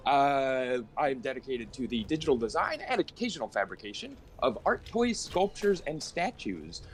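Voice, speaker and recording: A man's voice: medium pitch, moderate pace. A man who works as a toy designer introducing himself as a guest on a stream in an enthusiastic way. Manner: excitable, enthusiastic. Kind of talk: casual self-introduction.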